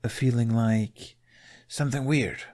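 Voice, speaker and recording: A man's voice: medium pitch, steady tone, a little slow, darkish tone, pitched above the performer's own voice, natural voice. A man voicing a sneering, blunt young female Viking twin. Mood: scornful.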